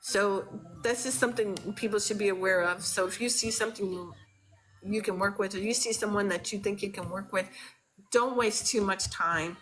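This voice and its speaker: Speaking at a moderate pace, this podcast conversation partner has a medium-pitched, slightly bright voice. She's frank and emphatic in the casual back-and-forth, using plenty of fillers, and the recording is rough.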